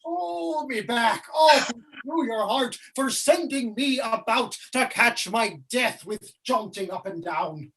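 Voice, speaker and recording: Woman playing a fussy old nurse, husky, groaning, raised pitch, stage reading. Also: slow pace, hardly any pauses, fairly bright tone, full character voice. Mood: complaining. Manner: moaning, dawdling, complaining of aches. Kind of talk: amateur stage reading of a classic play.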